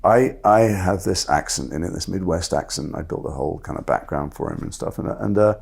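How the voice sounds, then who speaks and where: Husky gravelly guy, talks quick and lowish, keeps cutting himself off mid-story. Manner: fast, animated, self-interrupting. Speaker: actor guest. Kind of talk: candid conversational storytelling.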